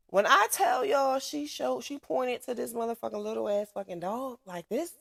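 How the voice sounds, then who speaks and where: A woman in her thirties, a podcast host telling a story in casual, profane, animated talk. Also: a little high, gravelly, no room sound, studio quality.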